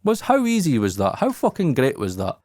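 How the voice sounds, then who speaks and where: A man's voice: on the high side, brisk, no echo. Candid, swearing man, dry sound. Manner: profane, candid, animated. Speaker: podcast host. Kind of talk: casual podcast talk. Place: his recording studio.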